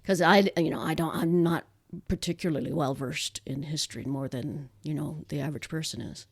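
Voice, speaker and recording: A Canadian woman with a Nova Scotian accent talks casually on a home-recorded podcast. Her voice sits a little low, and she chats easily, often restarting her sentences. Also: a little fast, vocal fry, breathy edge. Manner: chatty, laughs easily, many restarts. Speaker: podcast co-host.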